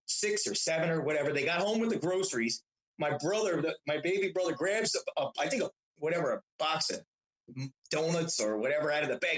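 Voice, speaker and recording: A man's voice: a little high, fairly bright tone, poor audio. A middle-aged man telling stories from his childhood in casual chat, rambling with many restarts and repeated words. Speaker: guest. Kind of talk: casual storytelling.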